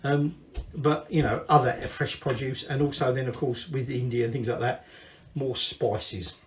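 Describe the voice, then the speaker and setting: A Scottish man walks through a recipe on his casual cooking channel, chatty and rambling with cheerful swearing. His mid-range voice holds a steady tone at a measured pace, and the echoey kitchen recording has a little hiss or hum.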